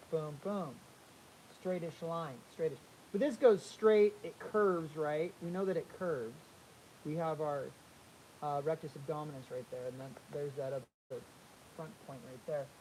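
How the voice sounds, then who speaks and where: A man demonstrates figure drawing and talks his way through each line as he sketches. He is energetic and repeats his points while he works, and a faint hiss runs under the recording. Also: fairly high pitch, rough recording. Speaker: art instructor.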